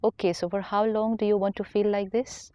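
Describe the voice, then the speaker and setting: A woman, a spiritual teacher calmly explaining ideas on a counselling talk show. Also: mid-range voice, a little fast, no room sound. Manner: calm, explanatory, acts out inner dialogue.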